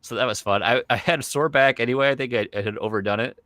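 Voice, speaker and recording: A man's voice: mid-range voice, fast, a bit bright, no room sound, studio quality. A man in his thirties hosting a podcast in casual chat, rambling and full of fillers like "like" and "you know". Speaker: podcast host.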